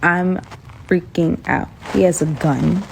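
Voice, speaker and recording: A young woman telling a dramatic personal story in a chatty, animated way, full of asides. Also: fairly low pitch, slow pace, gravelly, background noise. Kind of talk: casual storytime monologue.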